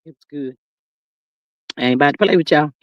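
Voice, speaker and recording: A middle-aged woman hosting a livestream, chatting casually with viewers and reading their comments in an animated, talkative way. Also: sits low, moderate pace, no echo, lo-fi sound. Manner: chatty and animated, calls viewers "child" and "y'all". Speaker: livestream host. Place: sitting outdoors.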